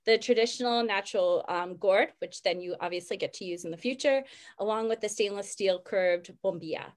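A woman at a middle pitch walks listeners through a custom step by step, like a friendly teacher. Her delivery is upbeat and clear, with the odd filler and self-correction. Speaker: co-presenter teaching culture and Spanish vocabulary. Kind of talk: scripted explainer segment.

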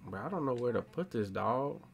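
A man's voice: mid-range voice, very animated, brisk, vocal fry, slight background noise. A young adult man giving casual gaming commentary, slangy and talking back to the game's characters. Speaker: gaming streamer.

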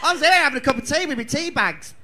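A man's voice: very high-pitched, animated, very fast, a crowd in the background. A man in his thirties with an English Midlands accent, a drag queen chatting bawdily and rambling as he answers audience questions at a live viewing party. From England. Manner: bawdy, rambling, laughing often.

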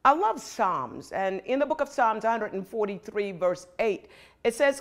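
A woman's voice: medium pitch, sing-song, moderate pace. A middle-aged woman preaching a motivational sermon in an emphatic, rhythmic way with repeated phrases.

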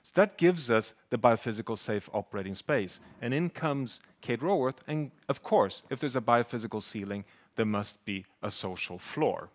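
Swedish-accented man, public seminar talk, mid-pitched voice, earnest, halting phrasing. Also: lively intonation. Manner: earnest, slightly halting, jokes with the audience. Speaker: professor and scientist speaking at a seminar.

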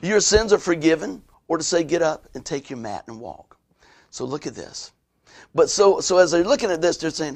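A man's voice: a little high, expressive, fairly quick. A male pastor, preaching a conversational sermon with frequent asides to his listeners.

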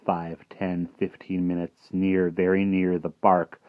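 A man giving an expressive, dramatic story reading that drops to a hush at dark moments. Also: low-pitched, slow, hardly any pauses, no echo. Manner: expressive, dropping to hushed tones at dark moments. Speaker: reader. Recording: dull lo-fi dry recording.

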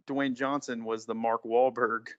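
A man's voice: mid-range voice, level tone, a little slow, muffled recording. A man guest on a casual podcast movie review, laid-back and wry, joking about the film.

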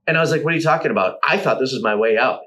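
A man's voice: mid-range voice, very fast, fairly bright tone, poor audio. A middle-aged man, a guest artist, telling long anecdotes in a casual interview, swearing and laughing often.

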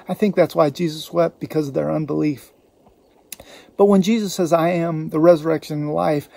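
A male pastor preaching a sermon in a gravelly, mellow voice pitched a little high. He speaks earnestly and slows down to press home the scripture he quotes. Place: church.

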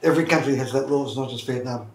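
A man's voice: medium pitch, rapid-fire. A man speaking candidly from his bed in a documentary, blunt and prone to swearing, his speech effortful. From Australia. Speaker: documentary subject. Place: indoors, lying in bed. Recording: echoey room with faint noise.

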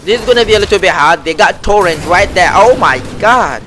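A man streaming gameplay, reacting loudly and talking to himself as he plays. His voice sits fairly high and sounds bright, with a faint hiss behind it. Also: fairly quick. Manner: excitable, lots of exclamations and self-talk. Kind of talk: live gameplay commentary.

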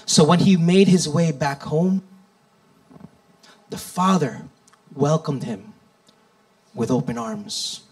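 A man preaching a sermon, reading scripture with slow, deliberate delivery and dramatic rises and drops. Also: a little high, poor audio.

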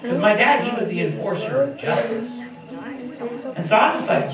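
A man's voice: extremely high pitch, moderate pace, music in the background. A man preaching a sermon to his congregation, telling stories with jokes along the way. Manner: animated, joking storytelling. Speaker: pastor. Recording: echoey room from far off with audience.

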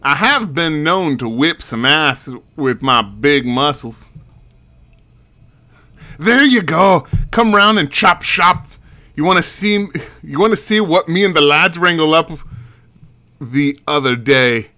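A man voicing a brawny, boisterous male monster hunter in a put-on Scottish accent with a gruff, loud brogue. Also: a little high, lively intonation, slow, pitched above the performer's own voice, heavily acted. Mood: hearty.

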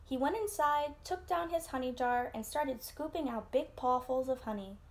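A woman teacher reading a children's storybook aloud in an expressive, animated way for an online class. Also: moderate pace, hardly any pauses. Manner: expressive, voices characters with lifted pitch.

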